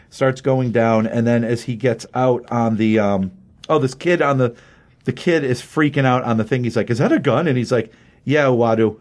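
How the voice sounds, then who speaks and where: A man on a podcast casually retelling a comic book plot, acting out each character's lines by jumping his pitch up. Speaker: podcast co-host recapping a comic. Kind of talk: casual chat, animated retelling with quoted voices.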